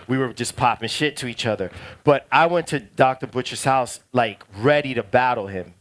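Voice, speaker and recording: Animated middle-aged New man telling a story. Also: medium pitch, moderate pace. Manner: animated, slangy storyteller, gets loud and excited. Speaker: DJ teaching a workshop. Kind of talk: casual storytelling to a class.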